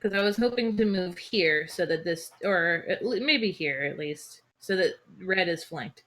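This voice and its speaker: A woman's voice: lowish voice, expressive, a little slow, a bit bright. A woman playing a tabletop game, chatting about moves and reading rules aloud with laughs. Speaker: player.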